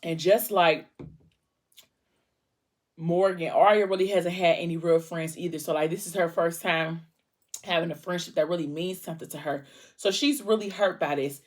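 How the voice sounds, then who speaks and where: Low-pitched woman vlogger casually retelling a story with plenty of fillers. She talks like she is chatting with friends. Her delivery stays conversational as she acts out bits of dialogue. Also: steady tone, moderate pace, long pauses. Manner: retells a book plot, acting out dialogue. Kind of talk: casual storytelling while eating.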